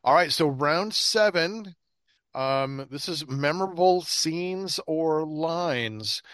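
A man's voice: fairly high pitch, expressive, takes it slowly, fairly bright tone, dry recording, studio quality. A man hosting a casual movie podcast, talking loosely with many restarts. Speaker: podcast host. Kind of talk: casual chat.

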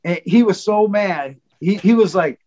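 High-voiced man telling a rowdy story. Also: moderate pace, lo-fi sound. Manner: animated, acts out quoted voices, swears freely. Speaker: guest drummer. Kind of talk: casual chat, storytelling.

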